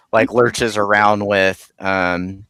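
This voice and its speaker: A man's voice: lowish voice, steady tone, very slow, bright, forceful tone, clean tone, dry recording. A man talking as a guest in a casual interview, rambling with many ums and restarts. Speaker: comic creator guest.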